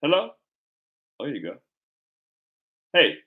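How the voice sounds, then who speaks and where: A man's voice: fairly high pitch, huge pitch swings, slow, phone-quality sound. A man hosting a live stream chat, talking casually in slang and stumbling over repeated words.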